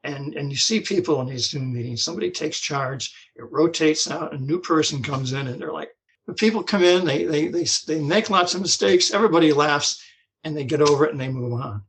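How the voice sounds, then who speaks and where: An older man from New Jersey telling his story as a guest, halting and repeating words as he talks. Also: on the high side, fairly bright tone, a little hiss or hum, rough recording. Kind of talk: personal recovery story.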